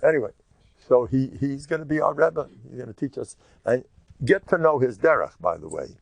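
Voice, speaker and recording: An older rabbi who gives a Torah lecture in an animated, jokey storytelling way, full of repetitions. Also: male voice, mid-range voice, moderate pace, gravelly, dry recording.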